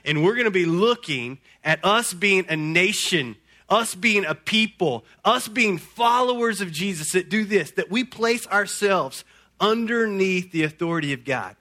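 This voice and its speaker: A man preaching a sermon to a congregation, folksy and energetic, often repeating words as he talks. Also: high-pitched, measured pace. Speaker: pastor.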